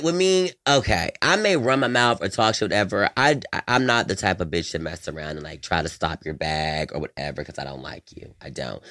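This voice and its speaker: A man co-hosting a podcast in sassy, animated casual chat, often sinking into low mutters. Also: no room sound, clean studio sound. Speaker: podcast co-host.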